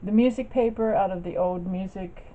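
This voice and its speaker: A woman with a medium-pitched voice talks at a normal speed, rambling casually with plenty of fillers and restarts while she holds her craft projects up to the camera. She's a craft vlogger doing a relaxed show-and-tell. The audio is dull and lo-fi, with a faint layer of noise.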